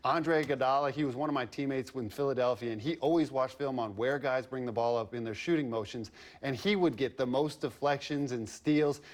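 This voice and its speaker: A former basketball player turned studio analyst speaks in a mid-range voice, briskly and with hardly any pauses. He breaks down plays on film in a conversational, slightly jokey way.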